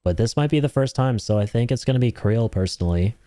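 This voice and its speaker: A man streaming a game, giving casual, slangy, excitable commentary full of swearing. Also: medium pitch, quick pace, no room sound, clean studio sound.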